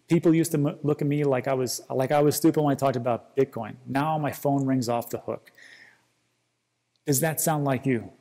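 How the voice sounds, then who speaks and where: A man's voice: medium pitch, warm tone, long reverb tail. A man hosting a casual crypto commentary, rambling and restarting often as he reads quotes aloud. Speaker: crypto video host.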